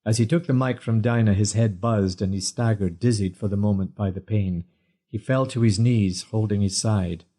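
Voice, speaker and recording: A man narrating an audiobook in a measured storytelling manner. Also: lowish voice, steady tone, warm tone.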